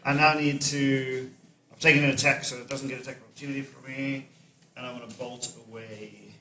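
A man playing a tabletop game with friends, casual, quick to laugh and swear. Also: medium pitch, level tone, a crowd in the background. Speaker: player. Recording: echoey room with clear noise.

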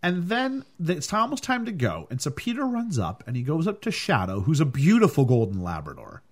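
A man co-hosting a casual film podcast, animated and acting out lines from the movie as he recaps it. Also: fairly high pitch, fairly quick. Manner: animated, acts out quotes, laughs often. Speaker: podcast co-host reviewing a film. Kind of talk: casual chat.

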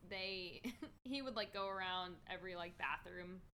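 A woman's voice: on the low side, unhurried, sharp tone. A woman in her twenties chatting casually and telling stories, filling her talk with "like". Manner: chatty storytelling, heavy use of "like". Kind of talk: casual chat.

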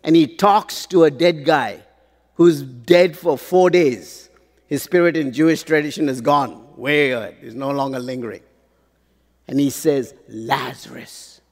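A man preaching a sermon, pausing for effect and asking the congregation rhetorical questions. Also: medium pitch, a little mellow. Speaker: pastor. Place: large church hall. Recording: long hall reverb.

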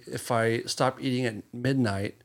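A man's voice: mid-range voice, steady tone, measured pace. A man co-hosting a casual podcast chat, teasing with dry jokes. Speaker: podcast co-host.

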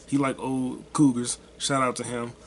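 A man's voice: medium pitch, flat delivery, measured pace, slight background noise. A man hosting his own podcast alone, rambling casually with lots of swearing and offhand self-deprecating jokes. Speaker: podcast host. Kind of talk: casual solo podcast rant.

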